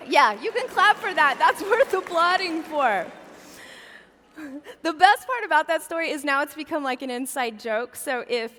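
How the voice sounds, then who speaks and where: In a large church auditorium, a woman in her forties speaks as a guest at a Christmas event, telling funny personal stories in a chatty, self-deprecating way. Her high-pitched voice is sharp with lively intonation, her pace moderate, and there's slight background noise in the big hall.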